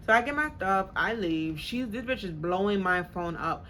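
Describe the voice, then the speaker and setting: A woman's voice: medium pitch, lively intonation, moderate pace, hardly any pauses, a bit bright, slight background noise. A woman vlogger telling a personal story in casual, slangy talk. She swears freely and acts out the people she quotes.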